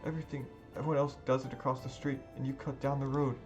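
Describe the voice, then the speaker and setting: A man's voice: medium pitch, little pitch movement, fast, a little mellow, voice pushed up, close to an everyday voice. A man voicing a panicked, grieving young man with raised, pleading outbursts over background music. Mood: anguished. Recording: music playing underneath.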